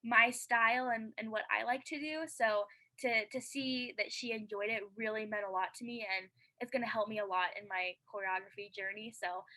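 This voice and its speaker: Bright, eager young-sounding woman guest. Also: a little high, steady tone, moderate pace, few pauses, poor audio. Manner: eager and chatty, many fillers; earnest and heartfelt. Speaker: interview guest, dancer. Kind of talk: casual interview chat.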